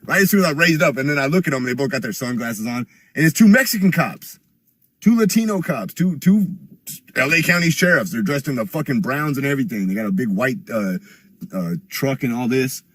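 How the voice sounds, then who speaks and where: Husky young man, profane rambling storyteller, dry close mic. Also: a little fast, dry recording. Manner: profane, rambling, gets louder and higher when excited. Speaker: streamer telling a story. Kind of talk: casual storytelling.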